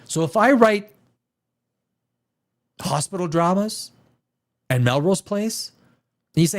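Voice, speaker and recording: Speaking fairly high at normal speed with frequent pauses, this screenwriter host rants his way through a review. His delivery is animated, full of restarts and swearing, and he imitates lines of dialogue.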